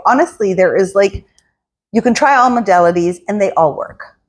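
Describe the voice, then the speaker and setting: A woman talks as a spiritual coach in an unscripted motivational monologue. Her pitch swings widely and expressively, and her voice carries a soft, airy breathiness. She slips into quoted inner voices to act out feelings. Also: animated, normal speed. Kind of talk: casual motivational talk.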